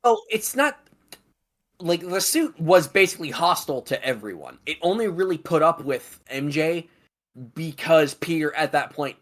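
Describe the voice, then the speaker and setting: A man's voice: on the high side, very animated, moderate pace, a bit bright. A man co-hosting a stream, giving strong opinions and swearing freely while talking about a video game. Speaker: stream moderator and co-host.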